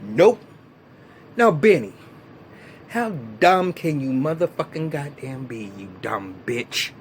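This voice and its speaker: Guy ranting his tv review, kinda high voice, cussing a lot, faint hiss behind him. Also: slow pace. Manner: animated, profane, exasperated ranting. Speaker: TV show reviewer. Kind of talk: casual vlog review.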